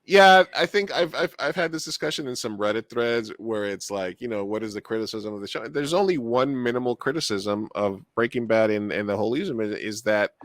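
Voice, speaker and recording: A man co-hosting a podcast in casual chat, rambling and animated, with lots of fillers and restarts. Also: mid-range voice, a little fast, hardly any pauses, no room sound. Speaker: podcast co-host.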